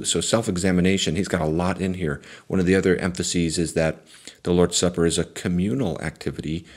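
Deep-voiced pastor, earnest theology talk. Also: male voice. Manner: earnest, thoughtful, with fillers and restarts.

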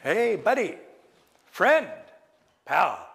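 A man's voice: sits high, wildly swooping pitch, drawn-out words, gravelly, a bit bright, long reverb tail, voice pushed up, exaggerated voice. A man voicing a hungry, sly male raven trickster who coaxes with overly friendly talk in a storytelling performance. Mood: wheedling.

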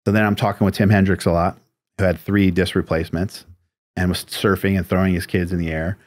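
A man's voice: deep voice, flat delivery, fairly quick, no echo. A man, a tattoo artist from the United States, telling a long story in a casual, rambling interview manner with many fillers. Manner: laid-back, rambling, lots of "like" and "you know".

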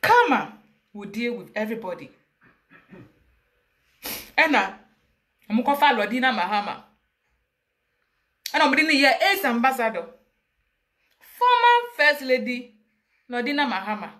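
Passionate high-voiced Ghanaian woman. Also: big pitch swings, a little slow, long pauses, bright, forceful tone. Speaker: interview guest. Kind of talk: emotional personal account.

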